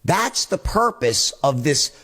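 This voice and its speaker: Animated man teaching sales. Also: on the high side, takes it slowly, husky. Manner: animated, acts out both sides of a sales call. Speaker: sales trainer. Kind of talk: sales training lesson.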